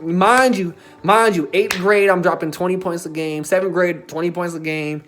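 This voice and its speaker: A man's voice: high-pitched, steady tone, normal speed, a bit bright. A young man telling a personal story in a casual, emphatic way, as a self-development coach. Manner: casual and emphatic, with frequent filler tags and swearing.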